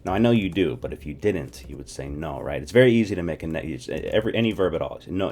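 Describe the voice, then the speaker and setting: A man teaching a casual spoken lesson, drilling short phrases, asking the listener to repeat after him and often clearing his throat. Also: sits low, fast talker, few pauses, slight background noise. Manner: animated, drills phrases and asks viewers to repeat. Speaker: language teacher.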